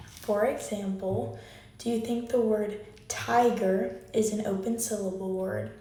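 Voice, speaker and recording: A woman teaching a phonics lesson in a soft, mellow voice. She patiently quizzes the listener and leads clap-along drills. Her voice rings around a very echoey room, picked up from well away from the mic. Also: medium pitch, fairly even intonation, unhurried, recorded from a distance.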